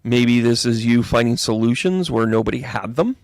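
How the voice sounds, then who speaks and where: A man giving a live astrology and tarot reading in a chatty, rambling, jokey way with bursts of excitement. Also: medium pitch, normal speed, no room sound. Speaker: psychic medium reading tarot.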